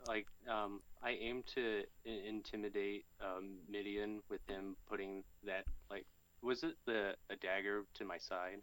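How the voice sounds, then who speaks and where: A man's voice: on the low side, fairly even intonation, unhurried, a bit bright, no echo, low-quality recording. A man playing a tabletop role-playing game, speaking hesitantly with many fillers. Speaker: player.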